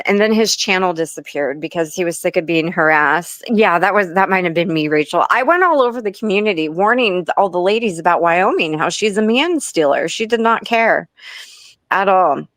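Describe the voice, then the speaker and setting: A woman's voice: lowish voice, fairly bright tone, dry recording. A woman telling a long gossip story in casual chat, rambling and laughing often between lines.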